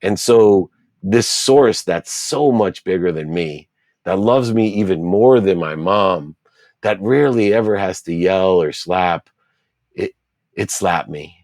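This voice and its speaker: A man's voice: low voice, lively intonation, slow, a little mellow, no echo, clean studio sound. A middle-aged man, an interview guest, telling a personal story earnestly and repeating phrases for emphasis.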